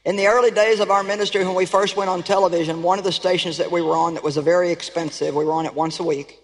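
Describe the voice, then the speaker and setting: A woman's voice: fairly low pitch, fairly even intonation, quick pace. A woman preacher giving an emphatic sermon, calling out to her audience with rhetorical questions. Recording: long reverb of a large hall.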